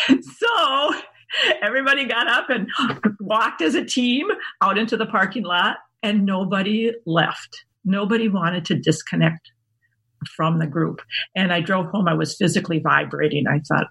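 A woman's voice: medium pitch, lively intonation, measured pace, vocal fry, fairly bright tone, slightly rough. A woman in her sixties, a guest who tells stories in a chatty way and laughs often. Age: 60s. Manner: chatty, laughs often, describes herself as an introvert. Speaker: guest, workshop founder. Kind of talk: casual interview storytelling.

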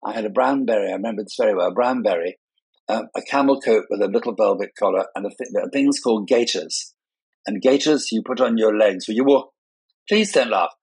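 With a lowish, a little mellow voice that's slightly fast and breathy, an older man chats as an interview guest, telling playful stories that poke fun at himself. He's a party and wedding designer raised in Scotland who sounds English, with no Scottish accent, and the recording is dry and rough.

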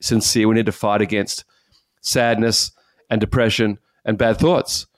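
A man, a pastor, giving an earnest, animated personal testimony in conversation. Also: fairly low pitch, unhurried, dry recording, studio quality. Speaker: pastor and guest speaker.

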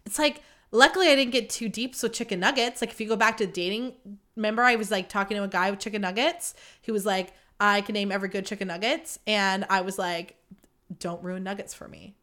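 A young woman hosting her own podcast, ranting candidly about dating, dramatic and self-mocking, swearing freely and swinging between loud outbursts and low mutters. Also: quick pace. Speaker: podcast host. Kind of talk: candid solo podcast monologue.

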